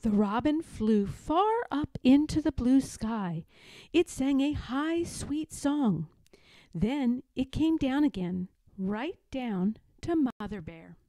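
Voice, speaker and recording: A woman reading a children's picture book aloud in a slow, expressive, sing-song way. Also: high-pitched, no echo. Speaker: storybook reader.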